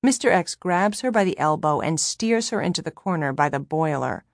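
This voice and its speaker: A woman narrating a novel in the first person, in a wry, measured audiobook reading. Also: low voice, animated, no room sound, clean studio sound.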